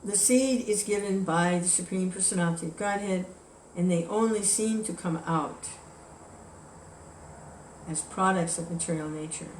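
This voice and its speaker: Woman giving a scripture class, kinda low voice, chatty storytelling, echoey room. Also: normal speed, slight background noise. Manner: relaxed, chatty, animated storytelling. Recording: echoey room with faint ambience.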